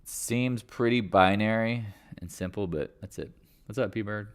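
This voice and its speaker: A man's voice: lowish voice, measured pace. A man hosting a live market stream in a rambling, joking, offhand way, with the odd swear. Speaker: stock market livestream host. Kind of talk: casual live market chat.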